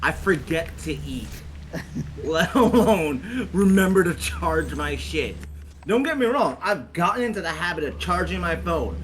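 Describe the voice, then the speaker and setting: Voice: medium pitch, expressive, measured pace. A gamer ranting animatedly in casual chat over gameplay, swearing a lot. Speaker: gameplay commentator. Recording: noisy recording.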